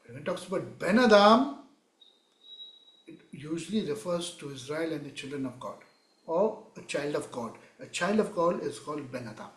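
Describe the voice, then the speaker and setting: A man teaches a Torah class in a high voice, pressing points by repeating words and reciting verses before explaining them. The room around him rings with echo. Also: lively intonation, moderate pace, a bit bright. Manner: emphatic, repeats words, switches between Hebrew verses and English.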